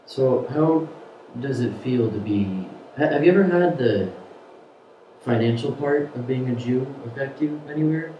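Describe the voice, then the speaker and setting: A man interviewing casually, halting and restarting his questions. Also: mid-range voice, expressive, distant mic, slight background noise. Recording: dull, echoey, from off-mic.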